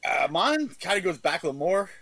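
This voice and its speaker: A man's voice: sits high, fairly quick, dry recording, poor audio. A man co-hosting a casual sports podcast, rambling and correcting himself as he recalls old games. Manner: animated, rambling, self-correcting. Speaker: podcast co-host.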